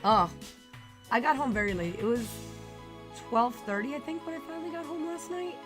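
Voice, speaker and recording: A young woman streaming a game, chatting casually with her viewers, her voice worn and a little raspy. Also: high voice, a little fast, music in the background. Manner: chatty, giggly, talks to chat. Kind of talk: casual live-stream chat.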